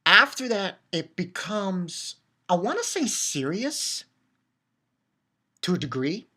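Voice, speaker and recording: A woman giving a casual, excitable recap of an anime episode, laughing and swearing, with many restarts. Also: fairly low pitch, slow, slightly rough. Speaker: anime reviewer.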